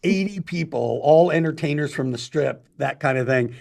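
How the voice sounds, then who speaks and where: A man co-hosting a podcast, teasing and quick to laugh in casual chat. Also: a little high, creaky, a little mellow. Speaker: podcast co-host.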